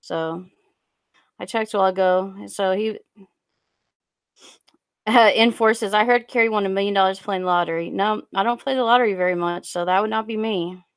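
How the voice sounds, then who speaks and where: A young woman on a casual live stream, rambling and halting with lots of fillers as she reads out viewer comments into a USB desk mic. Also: medium pitch, smooth, dry recording.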